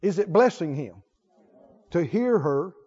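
A man's voice: sits high, animated, a little slow, dark tone, husky. A male preacher delivering a sermon, firing rhetorical questions and repeating words for emphasis, on a dull lo-fi recording.

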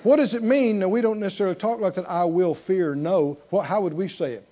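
A high-pitched male preacher who drops to near-whispered storytelling and then climbs back into loud, emphatic exhortation. He has the congregation repeat lines back to him. The recording sounds muffled. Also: lively intonation, racing, slight background noise. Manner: leads call-and-response with the congregation. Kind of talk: sermon.

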